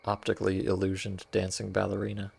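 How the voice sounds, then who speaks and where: A man's voice: on the low side, monotone, quick pace, creaky, a little mellow, breathy edge. A man streaming a game, giving wry, playful commentary to his chat as he explores. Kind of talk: casual gameplay commentary.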